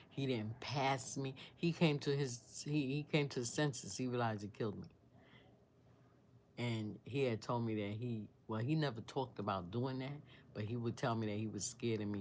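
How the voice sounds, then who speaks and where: A woman's voice: very deep voice, slight background noise. Earnest older woman telling a personal story. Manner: rambling, searching for words, drops to a hushed near-whisper; earnest and devout. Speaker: storyteller vlogger.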